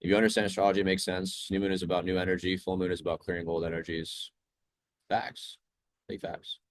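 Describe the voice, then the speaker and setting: A man's voice: low-pitched, level tone, fast talker, no echo, studio quality. A young man hosting a trading livestream, talking in a laid-back, chatty way and reading viewer questions aloud. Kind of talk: casual live-stream commentary.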